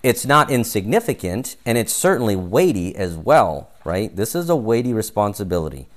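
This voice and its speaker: Very low-voiced man preaching conversationally. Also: animated, a little fast, few pauses. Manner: conversational, often adds "right?" to each point; acts out little quoted exchanges in passing. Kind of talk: sermon.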